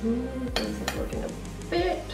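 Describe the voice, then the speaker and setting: A woman's voice: fairly high pitch, huge pitch swings, normal speed, vocal fry. A young adult woman vlogging chattily while doing her makeup, rambling with lots of fillers. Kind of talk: chatty get-ready-with-me vlog. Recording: roomy echo, distant mic, faint music.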